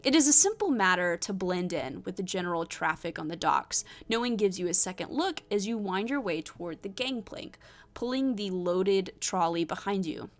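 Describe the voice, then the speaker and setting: A woman's voice: medium pitch, animated, moderate pace, soft background music. A woman playing a solo tabletop adventure, reading it aloud and hesitantly thinking through her choices. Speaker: solo tabletop game player.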